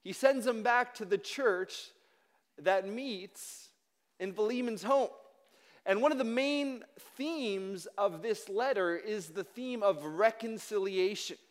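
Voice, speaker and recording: A man's voice: sits high, takes it slowly. A man preaching as a pastor, chatty and self-deprecating as he teaches from the pulpit. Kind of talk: sermon. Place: church sanctuary. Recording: long reverb of a large hall.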